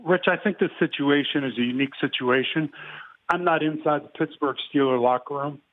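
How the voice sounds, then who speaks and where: Guy in his 50s on a phone line, kinda high voice, clears his throat a lot, measured football talk. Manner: measured, clears throat often, self-correcting. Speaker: interview guest, football analyst. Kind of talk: casual phone interview.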